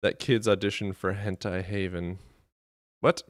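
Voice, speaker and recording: A man's voice: lowish voice, lively intonation, unhurried, a bit bright, no room sound, studio quality. A man hosting a debate live stream, talking in a casual, sarcastic and profane way.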